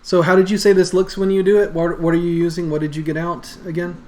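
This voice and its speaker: A man narrating as game master in a loose, conversational way, often pausing with "uh" and "you know". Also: high voice, little pitch movement, darkish tone.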